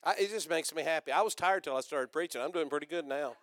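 An older man preaching a sermon, rousing and loud, calling out to the congregation. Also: fairly high pitch, quick pace. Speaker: pastor.

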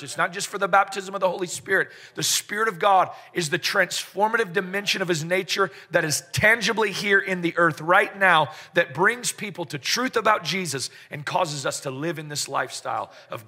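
A man's voice: high-pitched, bright, forceful tone, breathy edge. A man preaching a sermon to a congregation, telling stories with joking asides and call-and-response. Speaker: pastor. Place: church service in front of a congregation.

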